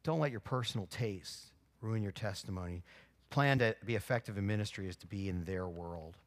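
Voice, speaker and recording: A man preaching a sermon as pastor, telling stories with lively swings between loud exclamations and quiet, earnest emphasis. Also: on the low side, normal speed.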